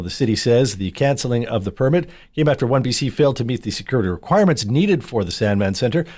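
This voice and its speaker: A man reading local radio news and weather in a brisk, clipped headline style. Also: mid-range voice, a little mellow. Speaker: newsreader.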